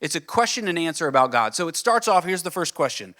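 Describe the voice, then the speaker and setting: A man preaching a sermon as pastor, earnest, asking the listeners questions and dropping to a soft, low voice on key points. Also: sing-song, fast. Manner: earnest, builds with rising questions then drops soft.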